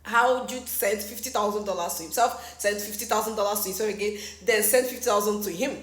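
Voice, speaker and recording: A woman with a Nigerian accent giving casual gossip commentary as an entertainment news vlogger, animated and exclamatory, laughing often and slipping into pidgin. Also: medium pitch, brisk. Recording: echoey room.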